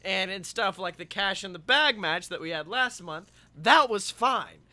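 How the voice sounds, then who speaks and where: A man's voice: high-pitched, measured pace. A young man co-hosting a podcast, chatting casually and acting out funny stories with lots of swearing. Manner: animated storyteller, swearing, acting out quotes. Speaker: podcast co-host. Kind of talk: casual chat.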